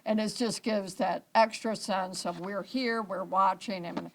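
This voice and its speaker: Gravelly-voiced woman police chief. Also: mid-range voice, steady tone, unhurried, slight background noise, low-quality recording. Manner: conversational, reassuring, some fillers and restarts. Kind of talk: press briefing remarks.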